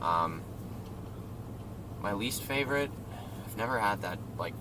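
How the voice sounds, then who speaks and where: A young man, a comedian, chatting casually in a moving car, telling animated stories, acting out quotes and swearing freely. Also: fairly low pitch, a little slow. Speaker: stand-up comedian guest. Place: inside a car driving through a city. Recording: car and road noise.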